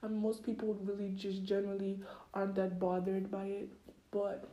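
A teenage girl rambles through a gossipy podcast chat, dropping "like" every few words. Her voice is soft and dark-toned. The room adds a noticeable echo. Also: medium pitch, flat delivery, normal speed, slight background noise. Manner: chatty, rambling, many filler likes. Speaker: podcast host. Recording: roomy echo.

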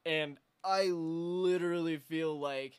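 Brief: male comedy host, slightly high voice, slow and fed-up delivery. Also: clean tone. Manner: exasperated, deadpan, profane. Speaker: show host. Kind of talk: comedy talk show.

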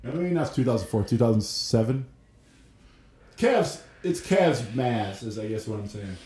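A man co-hosting a podcast in casual chat, heard with a roomy echo around his voice. His banter is playful, often delivered deadpan. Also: mid-range voice, normal speed. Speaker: podcast co-host.

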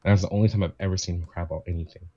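A man's voice: sits low, fairly even intonation, racing, mellow, no room sound, highs cut off. A man in casual chat, telling a personal story in a rambling way, often repeating himself and quoting his family.

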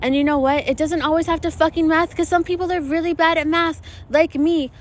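An extremely high-pitched young woman talks a little fast in a steady tone, hosting her own casual solo podcast. She's out in the desert with planes flying overhead. Her manner is chatty and profane, with self-mocking humor and frequent laughs.

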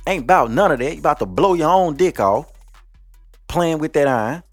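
A man's voice: on the high side, expressive, brisk, no echo, faint music behind. A man hosting a podcast, ranting at listeners in a blunt, profane, scolding way. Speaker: podcast host. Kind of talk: ranting monologue.

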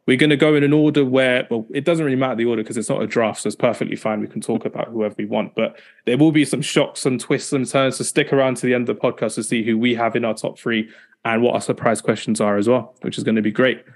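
A man hosting a casual podcast and talking in a quick, chatty and upbeat way. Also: medium pitch, fairly even intonation. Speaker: podcast host.

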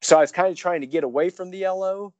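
Excitable rambling male wrestler, dull recording. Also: high voice, fast, dry recording. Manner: excitable and rambling, with frequent restarts. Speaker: professional wrestler guest. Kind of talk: casual storytelling in an interview.

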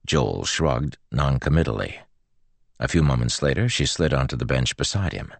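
Very deep, gravelly male narrator. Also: expressive, normal speed, no room sound. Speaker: audiobook narrator. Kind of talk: audiobook narration.

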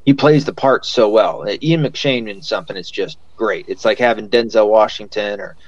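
A man's voice: fairly low pitch, moderate pace, dry recording, dull audio. A man hosting a podcast in casual chat, rambling with lots of fillers and swearing freely. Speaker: podcast host.

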